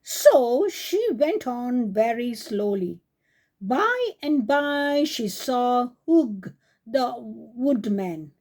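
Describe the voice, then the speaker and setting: A woman reading a fairy tale aloud for children, slowly and gently, stopping to talk to her young listeners. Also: a little high, sing-song. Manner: slow, with chatty asides to young listeners. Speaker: storyteller on a kids' channel.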